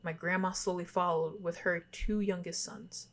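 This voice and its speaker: A young woman with a fairly low voice reads eerie tales aloud as a podcast co-host. She slips into casual chat between passages, giggling and apologizing when she trips over a word. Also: steady tone, normal speed. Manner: giggly, apologetic about stumbles while reading. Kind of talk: reading spooky stories aloud, casual chat.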